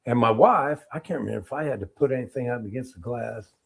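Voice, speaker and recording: A middle-aged man, an Army veteran, telling war-era stories in a casual interview, animated and acting out what people said. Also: mid-range voice, fast talker, vocal fry, husky. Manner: animated storyteller, acts out quotes, laughs.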